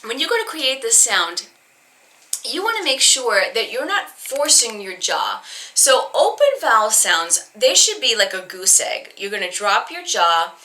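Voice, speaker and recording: Bright-voiced woman teaching singing. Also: fairly high pitch, very animated, a little slow. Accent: neutral American, trying to hide a Boston accent. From Boston, northeastern United States. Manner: chatty, explanatory, many ums and restarts. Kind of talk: recorded online voice lesson.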